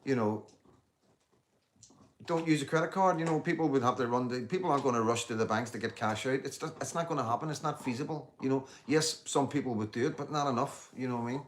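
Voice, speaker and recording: A man's voice: medium pitch, fast, slight background noise. A man, hosting a casual livestream and talking bluntly to viewers, swearing freely as he reads out their comments. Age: 50s. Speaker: livestream host.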